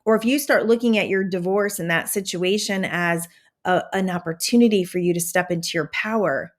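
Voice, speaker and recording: A woman's voice: lowish voice, fairly quick. Enthusiastic woman coaching, chatty delivery. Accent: drifting into a Southern American twang. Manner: animated, enthusiastic, conversational with many fillers. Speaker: podcast host and manifestation coach. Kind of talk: casual motivational talk.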